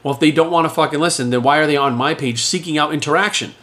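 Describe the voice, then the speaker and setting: A man's voice: on the high side, quick pace, fairly bright tone. A man in his forties, a fitness trainer, ranting bluntly and profanely in an unscripted talk to camera. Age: 40s.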